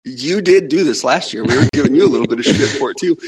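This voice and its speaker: A man with a husky, slightly breathy voice hosts a casual sports podcast, rambling and joking with his co-host. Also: medium pitch, expressive, quick pace, darkish tone, rough recording.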